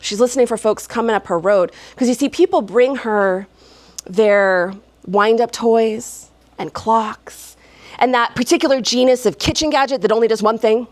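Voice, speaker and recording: A woman tells a folksy fairy tale live before an audience, playful and quick to chuckle. Her voice sits a bit high, and she drops in asides to the crowd. The sound is dry and close. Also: dry recording. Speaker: storyteller. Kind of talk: live oral storytelling.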